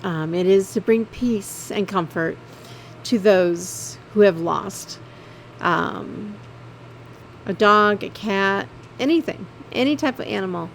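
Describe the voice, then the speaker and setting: A woman narrating her gameplay video in a halting, heartfelt way, full of ums and visibly emotional. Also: mid-range voice, a little hiss or hum. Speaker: game video creator. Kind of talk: casual voice-over narration of gameplay.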